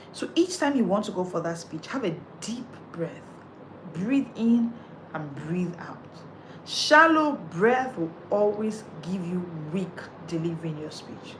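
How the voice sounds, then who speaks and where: An emphatic woman coach delivers a live talk with a preacherly lilt, counting off tips one by one. Her pitch sits in a middle range. A faint hum lies under the voice. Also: poor audio. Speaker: confidence coach.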